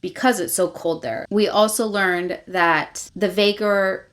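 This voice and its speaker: A woman's voice: mid-range voice, steady tone, measured pace, fairly bright tone. A woman hosting her own channel, giving a casual spoken recap of a novel and retelling scenes loosely with plenty of fillers. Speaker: book reviewer, channel host.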